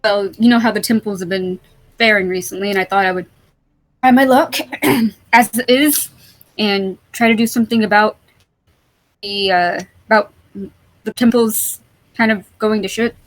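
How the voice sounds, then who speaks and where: A woman's voice: medium pitch, steady tone, normal speed, pauses often, lightly acted, rough recording. A stammering, twitchy young priest, skinny and easily startled, who trips over his words and loses track of his thoughts, as a woman puts him on. He sounds nervous and apologetic, with a slightly raised, anxious voice. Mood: flustered. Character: skinny jittery young male priest, flustered and forgetful.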